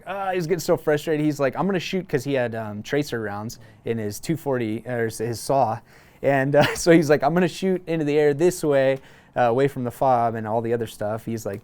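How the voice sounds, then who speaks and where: A man in his thirties, a former Marine, calmly telling a long personal story in a casual interview, with frequent fillers and restarts. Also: mid-range voice, clean tone. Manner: relaxed, halting, many fillers and restarts.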